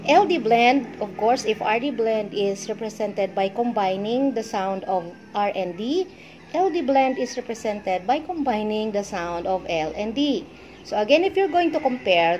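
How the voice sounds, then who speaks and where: A middle-aged woman with a Filipino accent, teaching a shorthand lesson and deliberately spelling out letters one by one. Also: mid-range voice, darkish tone, muffled recording, a little hiss or hum. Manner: slow, deliberate spelling out of letters with code-switching. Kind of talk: instructional lesson.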